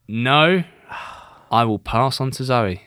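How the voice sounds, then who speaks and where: A man's voice: medium pitch, lively intonation, slow, a bit bright, smooth, no echo, clean studio sound. A man hosting a casual film podcast and running a quiz game, chatty, laughing and swearing casually.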